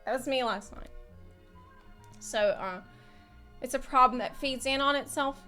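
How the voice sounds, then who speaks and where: A high-voiced woman chats slowly on her stream, sounding tired after a sleepless night. She rambles and laughs a lot. Faint music plays behind her. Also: bright, forceful tone. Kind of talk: casual chat stream.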